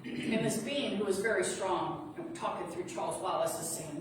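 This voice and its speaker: A woman's voice: medium pitch, moderate pace. A woman reverend giving a sermon, retelling a story in an earnest, reassuring way. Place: sanctuary of a spiritual center. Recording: echoey hall from far off, noisy.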